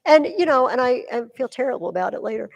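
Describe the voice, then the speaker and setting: A woman teaching a high school class, explaining with energy and acting out quotes dramatically. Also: quick pace, creaky, long reverb tail. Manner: lively, acts out quotes dramatically. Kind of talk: classroom lecture.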